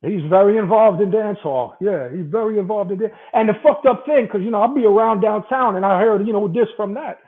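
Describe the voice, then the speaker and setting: A man's voice: sits high, a little fast, few pauses. A man casually telling a profane, rambling story with a lot of laughing. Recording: tinny phone-like line.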